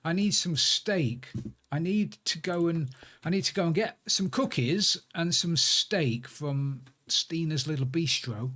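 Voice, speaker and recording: A man's voice: fairly high pitch, a little slow, sharp tone, slight background noise. Chatty man streaming a game. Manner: chatty, rambling, greets viewers by name. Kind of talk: casual live-stream chat while playing.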